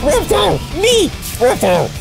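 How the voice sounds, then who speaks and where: A woman's voice: very high-pitched, wildly swooping pitch, normal speed, vocal fry, full character voice. A woman voicing a silly, lonely lizard creature with swooping, singsong boasting, with game music behind. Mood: proud.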